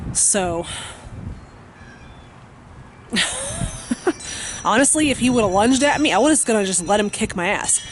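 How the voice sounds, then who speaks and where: A woman tells a story straight to the camera from her home, mid-pitched and plain-spoken. She swears freely and leans on fillers as she talks. A faint hiss sits under her voice. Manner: blunt and profane, many fillers. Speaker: vlogger.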